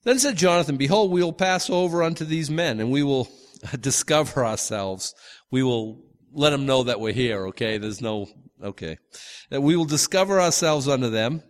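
A man's voice: medium pitch, lively intonation, moderate pace, big-room sound. A man teaching from the Bible in a loose, conversational way, stumbling over restarts and acting out the quotes. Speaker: preacher.

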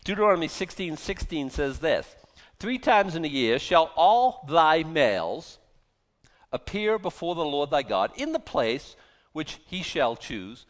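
A man's voice: a little high, sing-song, a little slow. A man preaching a sermon, emphatic and sarcastic, firing rhetorical questions at the congregation. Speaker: pastor.

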